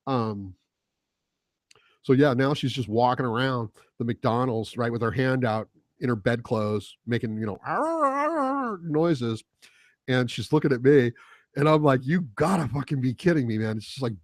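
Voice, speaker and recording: A man's voice: medium pitch, dry recording, clean studio sound. A man hosting a casual solo podcast, rambling and profane, chuckling often as he talks. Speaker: podcast host.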